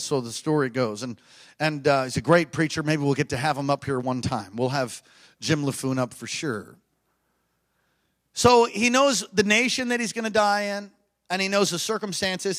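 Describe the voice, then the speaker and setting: A man preaching a sermon, telling stories with animated energy, bursts of laughter and emphatic repeated declarations. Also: fairly high pitch.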